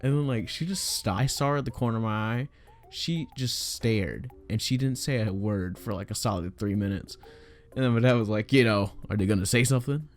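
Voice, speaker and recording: A young man telling a casual story to his viewers, excitable and exasperated, tripping over his words and using a lot of slang. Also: lowish voice, normal speed.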